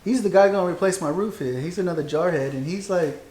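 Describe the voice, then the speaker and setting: A man's voice: high-pitched, fast talker, a little mellow. Rambling man in an echoey room. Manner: rambling, loose and profane, many fillers. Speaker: podcast host, Marine veteran. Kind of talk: casual podcast chat.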